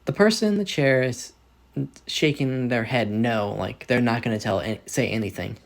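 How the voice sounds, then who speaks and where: A man's voice: medium pitch, moderate pace. A man casually narrating a fan story, rambling and correcting himself as he goes. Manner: rambling, self-correcting, animated.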